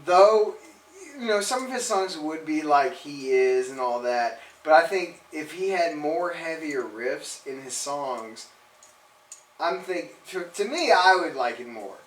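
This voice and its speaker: A young man rambles through his opinions in casual chat, often restarting mid-thought. His voice sits a bit high. He sounds distant from the mic in an echoey room. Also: lively intonation, unhurried. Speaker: podcast co-host.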